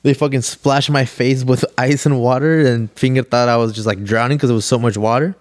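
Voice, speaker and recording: A man's voice: mid-range voice, steady tone, fairly quick, dry recording, studio quality. A young man, a podcast guest telling a long story in a laid-back, slangy way, full of "like" and "dude". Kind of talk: casual storytelling chat.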